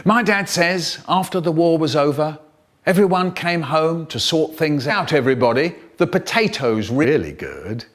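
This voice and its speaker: A man's voice: on the high side, expressive, moderate pace. A man telling comic stories in spliced bits, jumping between the voices of family members. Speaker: storyteller.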